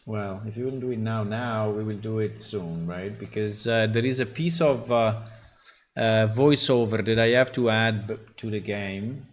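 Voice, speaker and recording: A man's voice: on the low side, normal speed. A man developing a game, talking casually while he works, thinking aloud with many fillers. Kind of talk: casual dev stream commentary.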